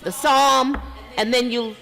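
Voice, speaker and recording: A woman's voice: high voice, steady tone, slow, creaky, a bit bright, soft background music. A middle-aged woman pastor, preaching a sermon in a conversational, humorous way with asides. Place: church sanctuary. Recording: long reverb of a church hall.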